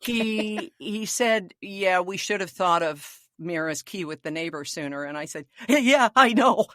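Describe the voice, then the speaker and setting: A woman's voice: on the low side, unhurried, dry recording, studio quality. A woman in her sixties, a podcast co-host, telling a story in casual chat and acting out the voices of the people in it. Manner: animated storyteller, acts out voices.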